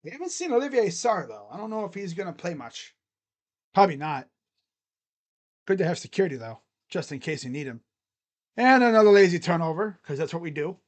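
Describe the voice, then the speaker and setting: A man streaming live play-by-play commentary, calling plays in excited bursts and then dropping into low, mumbled casual asides. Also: brisk, pauses often.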